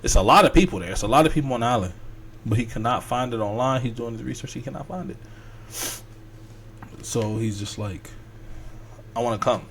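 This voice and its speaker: A man's voice: medium pitch, gravelly, a little hiss or hum. A man hosting a podcast, telling a long story in a loose, rambling way and acting out the characters' lines. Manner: rambling, acts out characters' lines in quick voices. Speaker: podcast host. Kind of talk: casual storytelling.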